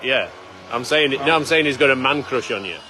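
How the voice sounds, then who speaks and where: Teasing his colleagues in a chatty live stream, this farmer-host talks briskly and animatedly, frequently starting over mid-thought. His voice is medium in pitch, and the background is noisy.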